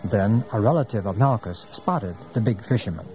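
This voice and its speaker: A man narrating a religious story in a solemn, measured manner. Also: on the low side, lively intonation, darkish tone. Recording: narration over music.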